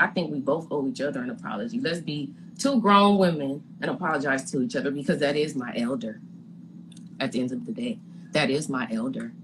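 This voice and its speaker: A woman retelling a story in a casual live-stream chat, animated and indignant, often stammering and repeating words as she builds her point. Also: sits low, noisy background. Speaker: reality TV guest recounting her experience.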